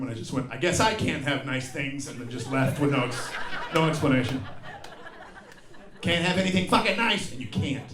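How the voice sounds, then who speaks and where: A man in his fifties doing a profane stand-up set, ranting in exasperation and mocking people with put-on voices. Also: medium pitch. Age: 50s. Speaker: stand-up comedian. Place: live comedy venue with audience. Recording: roomy live venue with crowd laughter.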